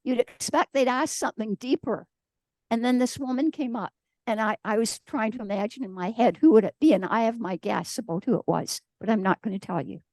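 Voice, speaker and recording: A woman's voice: a little high, brisk, a little mellow, no room sound. A woman giving a conversational sermon at a church service, telling stories and acting out the voices of the people she quotes. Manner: storytelling, acts out quoted voices. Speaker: guest speaker.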